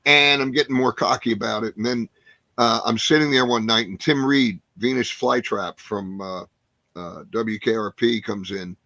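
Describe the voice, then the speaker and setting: A man's voice: lowish voice, normal speed, pushed and bright, no echo. A man in his sixties from New Jersey, a comedian guest telling a rambling story full of fillers and acted-out quotes. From New Jersey, USA. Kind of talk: storytelling in a podcast interview.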